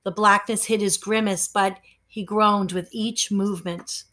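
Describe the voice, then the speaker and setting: A woman reading a children's chapter book aloud, expressive and suspenseful. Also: mid-range voice, a little slow. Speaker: storyteller.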